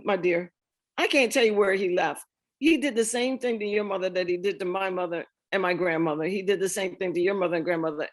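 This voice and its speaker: A middle-aged woman telling her family history to an audience, lively and laughing often as she acts out the conversations. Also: mid-range voice. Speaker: speaker sharing a family memoir. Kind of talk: storytelling talk with slides.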